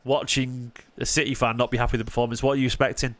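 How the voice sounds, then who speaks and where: A man hosting a live football watchalong, sarcastic and defensive as he talks back to viewers in the chat, moving from low mutters to sharp raised outbursts. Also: flat delivery, rapid-fire. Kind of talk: live-stream match commentary and chat replies.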